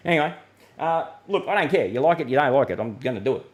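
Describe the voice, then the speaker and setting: A man's voice: mid-range voice, lively intonation, brisk. A middle-aged Australian man hosting a live weather stream, chatting casually and answering viewer comments in a matey way. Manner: chatty and matey, reads viewer comments aloud, laughs easily.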